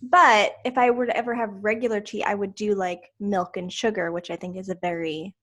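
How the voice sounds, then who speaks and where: A woman's voice: medium pitch, fairly quick. A woman co-hosting a podcast in casual chat, telling everyday stories in a chatty way. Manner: chatty storyteller, lively retelling. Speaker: podcast co-host.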